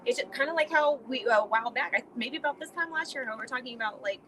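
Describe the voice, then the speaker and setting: A woman's voice: high-pitched, quick pace, bright, forceful tone, a little hiss or hum, poor audio. A woman co-hosting a podcast in casual chat, blunt and emphatic, swearing freely. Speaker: podcast co-host.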